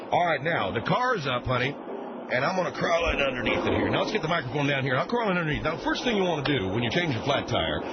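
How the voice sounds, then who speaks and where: Guy doing a rambling redneck car-show host, swings up and down a lot, dull lo-fi audio. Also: a little high. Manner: folksy, rambling, blustering. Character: folksy bigoted middle-aged mechanic host. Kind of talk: comedy radio sketch. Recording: muffled lo-fi, loud background noise.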